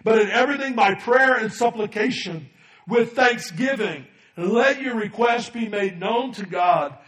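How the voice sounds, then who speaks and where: A male pastor preaching a sermon, dropping to soft low asides and then rising to shouted emphasis while calling for amens from the congregation. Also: animated, unhurried, recorded from a distance. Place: church sanctuary. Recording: echoey room from off the mic.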